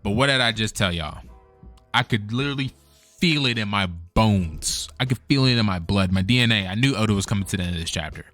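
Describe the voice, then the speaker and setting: Deep voiced guy hyped up reacting to a manga chapter, casual fan talk, quiet music in the back. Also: brisk. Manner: excited, chatty fan talk. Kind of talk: casual live reaction commentary.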